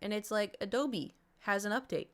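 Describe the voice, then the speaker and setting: A woman's voice: medium pitch, steady tone, normal speed. A woman streamer casually telling her chat a long story, acting out her own reactions along the way.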